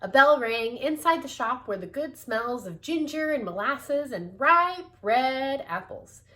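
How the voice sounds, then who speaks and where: Brief: woman narrating a kids' storybook, bouncy and expressive, slightly high voice. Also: unhurried. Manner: playful, animated asides to listeners. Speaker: reader. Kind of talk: children's read-aloud.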